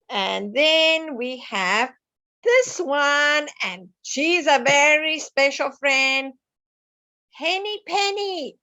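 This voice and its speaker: A woman's voice: high-pitched, lively intonation, slow pace, vocal fry, bright, forceful tone. A woman teaching a lesson to young children, sing-song and coaxing, asking them questions as she goes.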